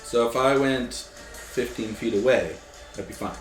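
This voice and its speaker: A man's voice: medium pitch, measured pace. Laid-back man player, echoey room. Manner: laid-back, joking, often laughs between words. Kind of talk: casual tabletop game chat. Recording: roomy recording with faint music.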